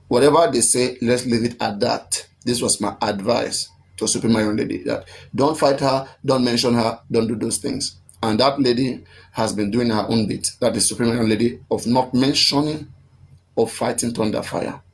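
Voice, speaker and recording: A man hosting a live stream, earnestly explaining a dispute in a measured way and repeating himself. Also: mid-range voice, slight background noise.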